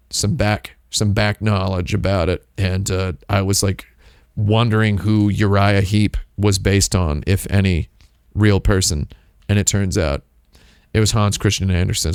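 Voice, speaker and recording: A man's voice: on the low side, smooth, no room sound, clean studio sound. A man hosting a casual livestream, rambling and wry, often breaking off and restarting his sentences. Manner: rambling, self-interrupting, wry asides. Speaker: streamer host.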